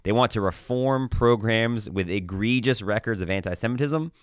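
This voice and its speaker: A man co-hosts a political podcast in a low, smooth, resonant voice. He explains things wryly and chuckles at his own quips. The recording is dry and close to the mic. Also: moderate pace, dry recording. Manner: wry, explanatory, laughs at his own jokes. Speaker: podcast co-host.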